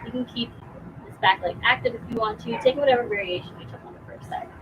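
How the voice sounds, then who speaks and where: A young woman teaching a yoga class outdoors, giving calm, encouraging cues with casual fillers, a bit out of breath. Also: a little high, fast, noisy background. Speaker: yoga instructor. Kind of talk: guided yoga class instruction.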